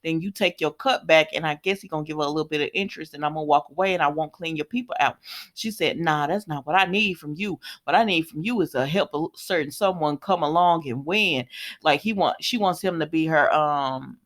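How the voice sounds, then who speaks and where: A woman's voice: low-pitched, fairly quick. A woman, casually recapping a soap opera episode, chatty, laughing often and slipping into voices for the characters.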